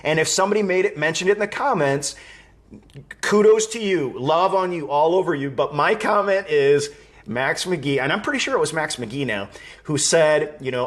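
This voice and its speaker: A man's voice: a little high, lively intonation, normal speed. A man from Wisconsin hosting a live fan stream, chatting casually, reading viewer comments aloud and laughing easily. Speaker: live show host.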